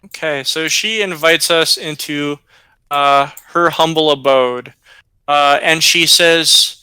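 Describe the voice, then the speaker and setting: A male game master narrating a tabletop adventure at an unhurried, halting pace, with plenty of fillers. His voice is bright and smooth, recorded dry and close. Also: on the high side, steady tone, no echo, poor audio. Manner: slow, hesitant, many fillers.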